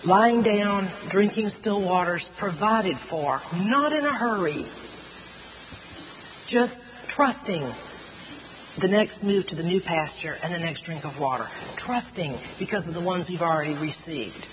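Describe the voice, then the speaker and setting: A middle-aged woman preaching a sermon, earnest and animated, stretching out words for emphasis. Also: mid-range voice, unhurried. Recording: long hall reverb, faint noise.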